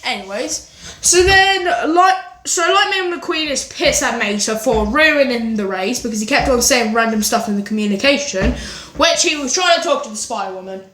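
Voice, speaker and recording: A woman's voice: on the high side, animated, normal speed, fairly bright tone. A woman from England rambling casually through a movie ranking from her home kitchen, full of tangents and "anyways". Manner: rambling, scatterbrained, lots of "anyways" and restarts. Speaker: vlogger. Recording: echoey kitchen with faint birds.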